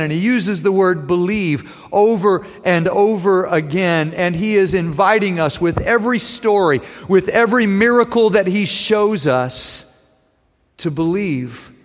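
Man, pastor, sermon, conversational, wry, high-pitched, long church reverb. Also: measured pace.

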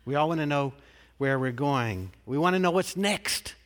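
A male pastor preaching a sermon in a measured, emphatic way, posing rhetorical questions and answering them. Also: a little high, animated. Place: large church sanctuary. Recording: long reverb of a large church.

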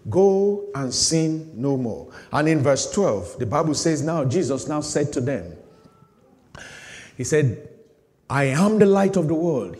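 A man delivering a sermon as pastor, swinging between loud, high bursts and low, slow emphasis. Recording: long hall reverb.

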